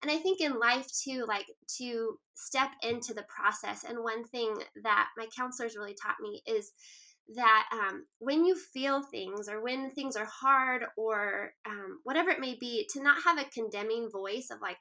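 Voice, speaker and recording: A woman's voice: a little high, moderate pace, bright, forceful tone. A woman in her thirties, a guest author, talking in an earnest, reflective way with frequent "um" and "like" fillers. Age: 30s. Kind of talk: casual interview conversation.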